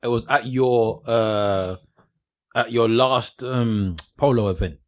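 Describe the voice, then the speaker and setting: A man's voice: mid-range voice, takes it slowly. A man, co-hosting a casual chat and acting out the people in his stories. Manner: animated storyteller acting out quoted dialogue. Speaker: podcast co-host.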